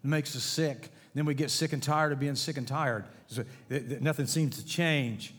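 A man's voice: mid-range voice, fairly even intonation, normal speed, slightly rough. A middle-aged man preaching a sermon in a folksy way, mixing jokes with scripture in a church sanctuary. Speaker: pastor. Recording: long hall reverb.

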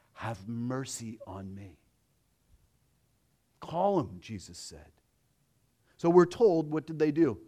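A man preaching a sermon, dropping to a hush and then rising loud, acting out the voices of the crowd. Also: mid-range voice. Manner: dramatic swings from hushed to loud.

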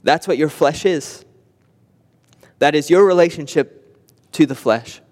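A man's voice: fairly high pitch, a little slow, darkish tone, big-room sound. A man preaching a sermon earnestly, with vivid imagery and rhetorical repetition. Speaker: pastor.

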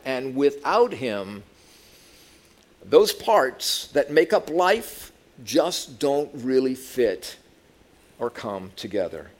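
A man's voice: mid-range voice, sing-song, slow. A man giving a conversational sermon as a Bible teacher, telling humorous stories and asking the audience questions.

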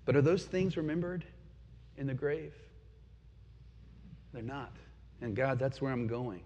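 A man preaching a sermon in an earnest, reflective way, asking the listeners questions and dropping to quiet pauses. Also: mid-range voice, animated, breathy edge. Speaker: pastor. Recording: dull lo-fi sound with long hall reverb.

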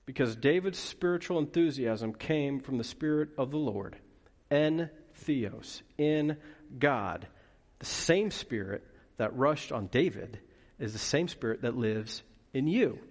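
A man preaching a sermon as pastor, lively and playful, with asides to the congregation. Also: medium pitch, slow, in a large hall. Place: church hall.

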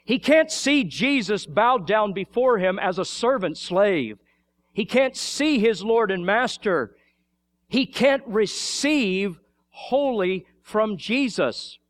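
A male pastor preaching a sermon, fervent and emphatic, repeating phrases and swinging between loud swells and quiet drops. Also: sits high.

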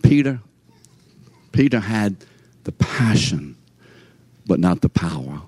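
A man's voice: fairly low pitch, sing-song, slow pace, a little mellow, slightly rough, no room sound. An older man giving a sermon as a story, chatty and conversational, speaking straight to his listeners. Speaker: preacher.

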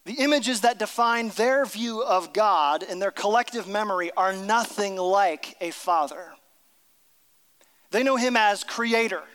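A pastor preaching a sermon, telling a story and dropping to a hushed voice at tender moments. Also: male voice, high-pitched, big-room sound.

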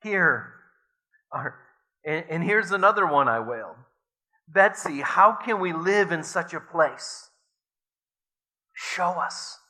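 Male preacher voicing a frightened, wailing woman prisoner in a read-aloud story; bright tone. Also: fairly high pitch, animated, slow pace, long pauses, pitched above the performer's own voice, full character voice. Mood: distressed. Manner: distressed, wailing.

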